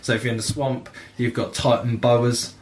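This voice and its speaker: A man hosting a gaming podcast, telling game stories in a sweary, animated way and acting out the dialogue. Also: medium pitch, normal speed, slight background noise. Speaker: podcast host. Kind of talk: casual gaming chat.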